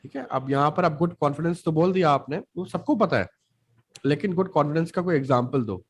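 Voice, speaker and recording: A man from Punjab with a Punjabi accent, mentoring students on public speaking in an emphatic, rapid-fire way with rhetorical questions. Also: a little high, animated, breathy edge. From Punjab, India. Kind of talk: mentoring session.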